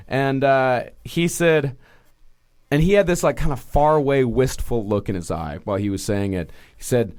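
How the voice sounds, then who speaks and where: A man's voice: medium pitch, moderate pace, darkish tone. A man co-hosting a podcast, telling a true-crime story casually with lots of fillers and restarts. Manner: rambling, full of fillers and restarts. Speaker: podcast co-host.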